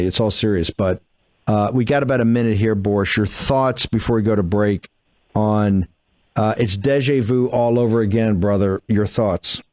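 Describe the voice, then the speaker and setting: A man's voice: on the low side, moderate pace, darkish tone, dry recording. A man hosting a talk radio show, blunt and emphatic, firing off asides as he interviews his guests.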